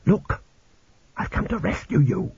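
A man's voice: a little slow, darkish tone, no echo, natural voice. A man reading an audiobook voices a young male rescuer who talks with dry, wry understatement. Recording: dull lo-fi audiobook recording.

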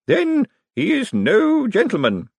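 A man voicing a very small, elderly, prim and quietly ruthless old woman in an audiobook. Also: sits high, wildly swooping pitch, moderate pace, slightly rough, no echo, studio quality, voice pushed up, full character voice. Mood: genteel. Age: older. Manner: fussy, prim, genteel. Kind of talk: audiobook character voice.

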